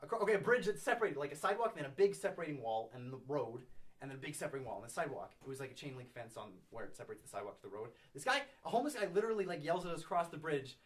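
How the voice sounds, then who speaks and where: A man's voice: a little high, big pitch swings, very fast. A young man telling funny stories in a casual chat with friends, laughing often and swearing freely. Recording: distant from the mic.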